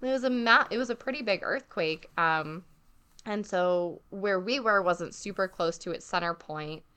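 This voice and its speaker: A woman's voice: on the low side, normal speed, clean tone. A young woman telling a travel story in casual chat, full of "like" and acted-out quotes. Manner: chatty, heavy filler "like", animated quoting.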